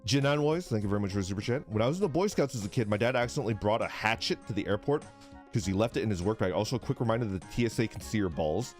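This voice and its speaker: Young male streamer, casual rambling chat, animated pitch, faint background music. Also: racing. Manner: rambling, laughing, swearing, acts out voices in a high yell.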